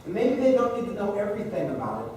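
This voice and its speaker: Lively male speaking coach with a high voice, working a live room, heard from a distance in an echoey hall. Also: fast, a little hiss or hum. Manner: lively, conversational, joking with the audience. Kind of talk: live seminar teaching to a room. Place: large hall with a live audience.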